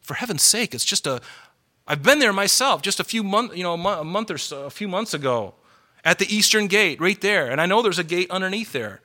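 Pastor guy preaching, real fired up and chatty, bright punchy voice, kinda high for a man. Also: animated, brisk. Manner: fervent, worked up, conversational. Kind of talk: sermon. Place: church hall with congregation.

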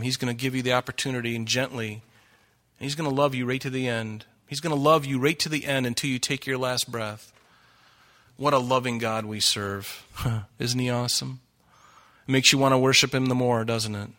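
A man's voice: mid-range voice, fairly even intonation, moderate pace, sharp tone. A middle-aged man preaching a sermon, earnest and pleading, his voice rising for emphasis.

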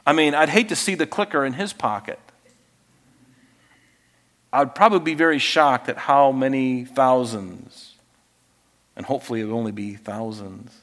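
A man's voice: medium pitch, a bit bright, long reverb tail. A man pastor preaching a sermon, reading scripture aloud and teaching with folksy asides and self-corrections.

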